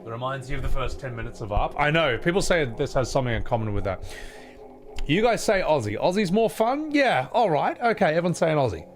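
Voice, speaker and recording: A man streaming a game, chatting casually and quickly with his viewers. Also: on the high side, sing-song, faint music behind. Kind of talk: casual live-stream chat.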